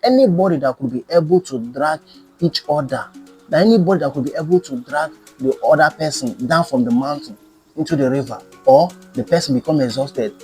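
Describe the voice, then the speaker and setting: A tiny, wise tortoise lays out his trick in a calm, sly voice, pitched a little high, as a man puts him on. Gentle guitar plays underneath. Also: a little fast, close to an everyday voice. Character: small clever calm male tortoise.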